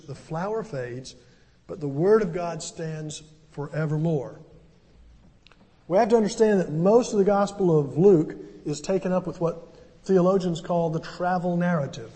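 A man's voice: sits high, warm tone, long reverb tail. An older man, a pastor, preaching a sermon and telling stories with conversational asides. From southern United States. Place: church sanctuary.

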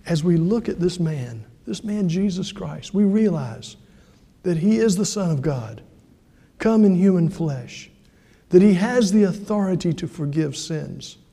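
A man preaching a sermon as pastor, acting out the quoted voices with sudden jumps in pitch. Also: lively intonation, measured pace, gravelly, warm tone, breathy edge, big-room sound.

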